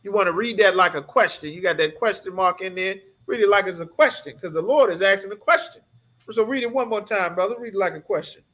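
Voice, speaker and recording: A man's voice: sits high, fast, pushed and bright. A man teaching a scripture class, preaching emphatically in a streetwise way and asking the class rhetorical questions. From United States.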